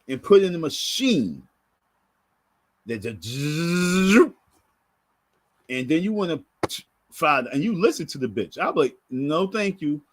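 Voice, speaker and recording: A man's voice: fairly high pitch, a little hiss or hum. A man ranting to camera in a profane, scolding monologue, hammering his points through repetition. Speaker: vlogger.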